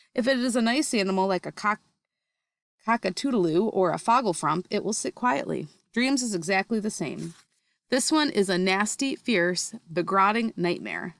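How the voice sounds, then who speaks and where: Woman doing a big gentle jumbled-talking giant. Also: mid-range voice, vocal fry, dry recording. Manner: jumbled words, ungrammatical folksy speech. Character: big gentle male giant, excitable, mangles grammar.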